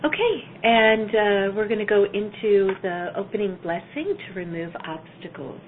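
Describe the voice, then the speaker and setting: A woman's voice: medium pitch, moderate pace. A woman from Minnesota teaching a live online energy healing class in an enthusiastic, chatty way with many fillers. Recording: tinny phone-like line, faint noise.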